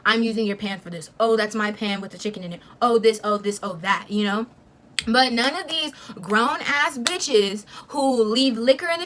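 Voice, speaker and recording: A young woman telling a storytime vlog in a casual, animated way, swearing freely and filling with "like". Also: fairly high pitch. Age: young adult. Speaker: vlogger.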